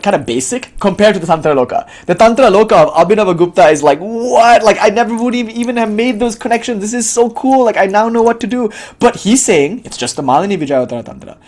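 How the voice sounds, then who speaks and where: A man giving a casual spoken lecture on a spiritual tradition, animated and chatty, with lots of fillers and free swearing. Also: fairly high pitch. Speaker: teacher of tantric tradition.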